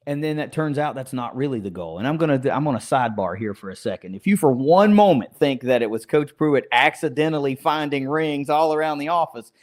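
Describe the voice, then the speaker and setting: A man's voice: medium pitch, lively intonation, brisk, hardly any pauses. A man hosting a podcast interview, chatting casually and repeating words as he thinks. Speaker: podcast host.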